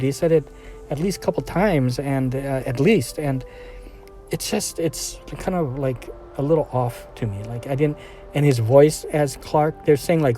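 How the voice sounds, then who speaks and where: A man's voice: on the high side, moderate pace, mellow, soft background music. Rambling man reviewing a film. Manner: rambling, full of fillers and restarts. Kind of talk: casual spoken film review.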